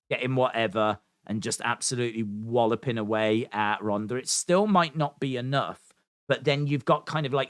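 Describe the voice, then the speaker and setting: A man's voice: medium pitch, a bit bright, clear, resonant tone, no room sound, clean studio sound. A man co-hosting a wrestling podcast, chatting in a rambling, self-deprecating way. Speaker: podcast co-host. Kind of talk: casual podcast chat.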